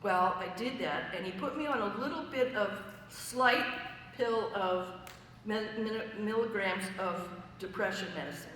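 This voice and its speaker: A woman's voice: mid-range voice, measured pace, a bit bright. A woman giving a personal testimony at a church fellowship, telling her story conversationally and in vivid detail. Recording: echoey hall, voice from far off, faint noise.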